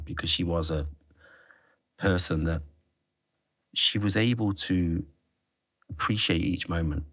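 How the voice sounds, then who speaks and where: A man's voice: sits low, no echo, studio quality. A man as a podcast guest, talking candidly and reflectively, often restarting his sentences. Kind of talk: candid interview conversation.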